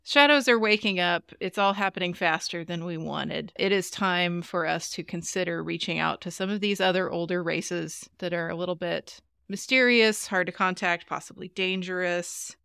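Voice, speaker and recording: A chatty woman co-hosting a podcast, amused and quick to laugh. Her voice is bright with a gravelly edge. The room is dry and the mic close. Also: on the low side, no room sound. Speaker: podcast co-host. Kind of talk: casual chat.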